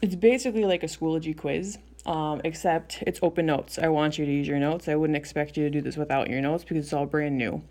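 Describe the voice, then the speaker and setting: A woman's voice: deep voice, steady tone, fairly quick, hardly any pauses, darkish tone. A young adult woman teaching Spanish in a recorded video lesson, explaining step by step in a patient way with frequent ums.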